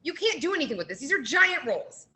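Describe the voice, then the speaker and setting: A woman on a radio show tells a story with a high voice that jumps up and down. She sounds bright and sharp. She fills her talk with "like" and acts out what people said. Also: quick pace, rough recording. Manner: lively storyteller, heavy use of "like". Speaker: brewery guest. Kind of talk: animated anecdote on radio. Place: radio studio.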